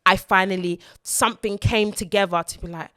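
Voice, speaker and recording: A woman co-hosting a podcast, telling a personal story in an earnest, halting way, repeating words as she gathers herself. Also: mid-range voice, steady tone, bright, forceful tone, dry recording, studio quality. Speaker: podcast co-host and mother.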